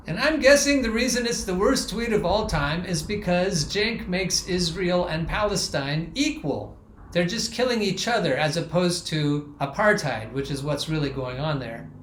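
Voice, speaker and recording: A man's voice: high-pitched, lively intonation, a little slow, fairly bright tone, roomy sound, slight background noise. A male podcast host giving sarcastic, blunt commentary, reading out quotes and swearing freely. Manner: sarcastic, scornful, blunt with profanity.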